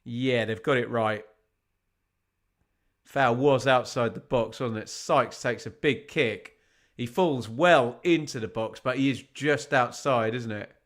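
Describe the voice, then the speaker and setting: A man's voice: medium pitch, slow, a bit bright. Guy doing live football watch-along commentary, chatty, reads scores out, keeps asking the chat stuff, normal mid voice.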